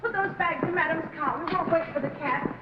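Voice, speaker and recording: High-pitched fussy spinster, scolding, echoey old movie sound. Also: female voice, fairly quick, highs cut off, heavy background noise. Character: fussy, anxious spinster friend, bossy. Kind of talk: 1940s film acting.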